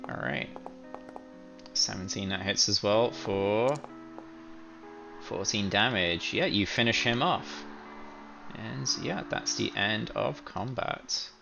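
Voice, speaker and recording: A man's voice: lowish voice, takes it slowly, creaky, pauses often, muffled recording. A man narrating a tabletop game as game master, easygoing and full of fillers, over background music.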